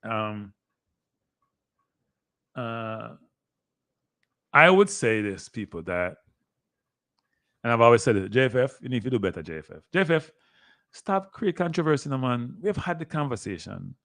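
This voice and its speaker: Speaking directly to his viewers, a middle-aged Jamaican-accented man chats his way through hosting a live sports stream, often repeating himself in casual commentary. His medium-pitched, slightly bright voice is very animated yet measured, with long pauses, recorded in studio quality without echo.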